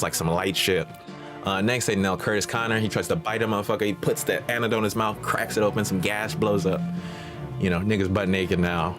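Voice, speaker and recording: A man hosting a movie reaction channel, recapping the plot in a casual, slangy, profane way. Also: lowish voice. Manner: slangy, profane, streetwise banter.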